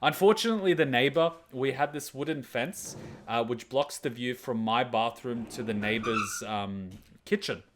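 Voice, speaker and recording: A young man spins a loose, swear-filled story, chatting off the cuff and breaking into laughs. His voice sits at an ordinary middle pitch. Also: normal speed, a little hiss or hum. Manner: rambling, profane, laughs a lot, acts out voices. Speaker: anime reaction channel host. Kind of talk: casual storytelling chat.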